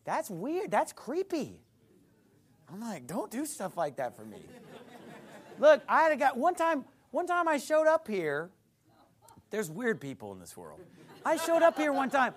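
A man's voice: very high voice, wildly swooping pitch, a little slow. A male pastor preaching a sermon in a church, blunt and mocking.

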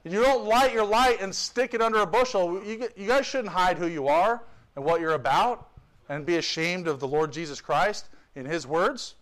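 A man's voice: high-pitched, lively intonation, moderate pace, fairly bright tone. A man preaching a sermon with fervor, reading scripture and adding joking asides. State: tired. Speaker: visiting pastor.

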